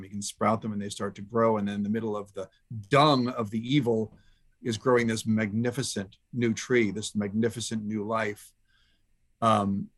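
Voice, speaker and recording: Earnest middle-aged man telling a story. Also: on the low side. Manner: earnest, reflective, halting with restarts. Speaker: podcast guest. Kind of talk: personal storytelling in conversation.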